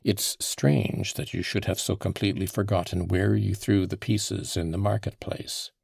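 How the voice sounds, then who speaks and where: A man reading an audiobook, voicing a calm male official who questions a suspect in a measured, pointed way. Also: fairly low pitch, gravelly, husky, no echo, studio quality, heavily acted. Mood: probing.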